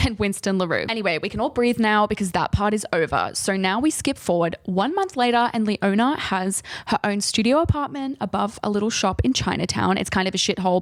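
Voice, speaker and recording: A woman's voice: medium pitch, no echo. A young woman vlogger giving a casual, sarcastic book recap, swearing and laughing often.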